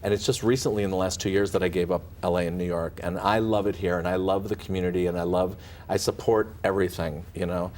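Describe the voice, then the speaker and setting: Lively, low-voiced man telling stories. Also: quick pace. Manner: animated, laughing, acts out and hums snippets. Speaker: guest. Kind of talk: casual interview storytelling.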